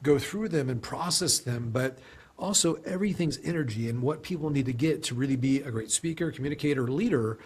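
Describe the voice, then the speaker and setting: A man's voice: medium pitch, a little fast, slightly rough. A man being interviewed as a guest on a podcast, talking in a reflective, rambling way and often saying "you know". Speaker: podcast guest, sales leader. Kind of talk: conversational interview.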